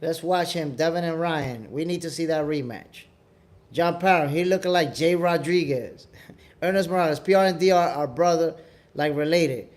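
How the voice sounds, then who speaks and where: Animated New York man on a livestream. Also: fairly high pitch, normal speed. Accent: New York City. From New York City. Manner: animated, repeats himself, talks straight to viewers. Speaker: boxing show host. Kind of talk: casual livestream chat. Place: home, at the Dominican Republic.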